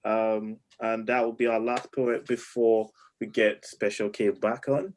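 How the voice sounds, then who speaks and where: Low-pitched man, easygoing open mic host, hesitant with fillers, faint background noise. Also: flat delivery, measured pace, a little mellow, rough recording. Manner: hesitant, with many ums. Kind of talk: casual hosting. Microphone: video call.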